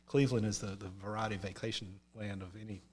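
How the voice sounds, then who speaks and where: A man's voice: lowish voice, steady tone, quick pace, darkish tone. Rambling Southern man telling a story. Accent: Southern American. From North Carolina. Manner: rambling, self-mocking storyteller with restarts. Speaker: podcast guest. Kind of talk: casual storytelling.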